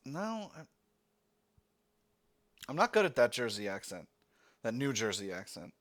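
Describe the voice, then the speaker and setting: A man's voice: mid-range voice, big pitch swings, moderate pace, pauses often, a bit bright. A man reading a text adventure game aloud as its player, breaking off into rambling, self-correcting asides.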